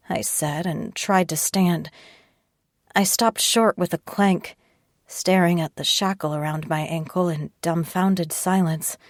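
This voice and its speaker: A woman narrating an audiobook in a slow, measured reading. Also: deep voice, no echo, studio quality.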